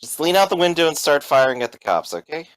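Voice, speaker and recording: A man's voice: on the high side, sing-song, quick pace, no room sound, pitched above the performer's own voice. A cocky robber brushes off the police chase in a loose, glib drawl that bounces around, as a man puts him on. Close, dry recording. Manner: breezy, glib, dismissive. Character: cocky male getaway robber.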